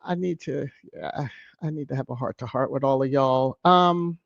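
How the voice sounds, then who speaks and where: Host for a casual live stream, reads comments aloud, springs into bright, high-pitched hellos, dry close mic with a slightly muffled feel. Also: normal speed, creaky, no room sound. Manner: greets viewers in bursts of high, loud excitement.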